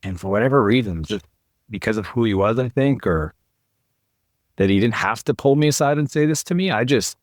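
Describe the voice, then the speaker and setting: A man's voice: medium pitch, lively intonation, a little fast, dry recording, clean studio sound. A middle-aged man, a podcast guest, telling his life story candidly and earnestly, often quoting other people as he goes.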